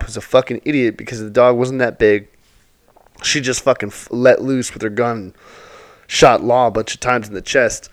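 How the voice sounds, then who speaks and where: A man's voice: medium pitch, fairly bright tone, no room sound. Young guy, plain mid voice, dry sound, swears a lot, rambling storyteller. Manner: profane, rambling, emotional anecdotes. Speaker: Airbnb host, former military. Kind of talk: casual storytelling.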